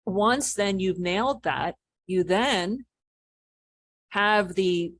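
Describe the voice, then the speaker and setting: A woman coach speaks as a podcast guest at a middling pitch. She explains with energy and acts out other people's lines. The sound is dry and close, with no room echo. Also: extremely slow. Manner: animated explaining, acts out quoted remarks. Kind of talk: podcast interview answers.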